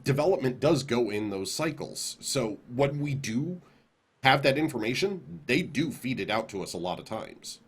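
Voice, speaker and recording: A man's voice: mid-range voice, sing-song, moderate pace, slightly rough. A man co-hosting a podcast, talking casually and rambling, repeating words as he builds his points. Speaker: podcast co-host.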